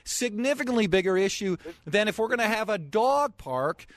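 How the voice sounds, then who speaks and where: A man hosting a radio talk show, questioning a guest in a measured way with frequent halting restarts. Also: high voice, animated, dry recording. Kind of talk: call-in radio debate. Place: radio studio. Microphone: studio microphone.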